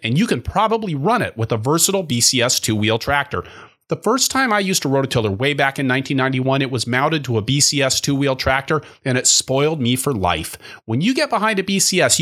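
A man's voice: mid-range voice, a little fast. A man hosting a farming podcast, reading a sponsor message and asking a guest questions with a few restarts. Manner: lively, searching questions with restarts. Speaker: podcast host. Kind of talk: read sponsor ad and interview questions.

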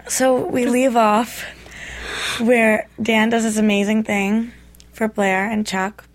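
A woman's voice: on the high side, flat delivery, takes it slowly. A young woman hosting a casual recap chat, telling the story animatedly and acting out scenes as she goes. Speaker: podcast host.

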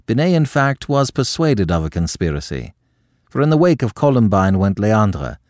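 A male narrator reading a classic novel aloud, his low voice moving expressively through the sentences. Close, dry recording. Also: no room sound. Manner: expressive, measured storytelling. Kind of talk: scripted audiobook narration.

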